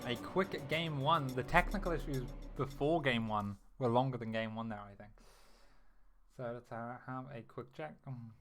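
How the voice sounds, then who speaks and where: A young man giving solo live commentary on a strategy game match, excitable and quick to react, with frequent laughs. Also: mid-range voice, soft background music. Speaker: esports caster.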